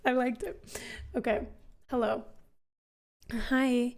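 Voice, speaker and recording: Slow, giggly woman hosting a stream. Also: on the high side. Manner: slow, giggly, reading viewer jokes aloud. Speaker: livestream book club host. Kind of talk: casual livestream chat. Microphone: streaming mic.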